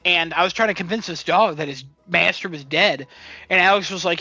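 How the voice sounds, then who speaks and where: A man's voice: high voice, moderate pace, bright, forceful tone, no room sound, poor audio. A young man casually telling a funny story about his video game, acting out quotes and laughing often. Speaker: podcast co-host.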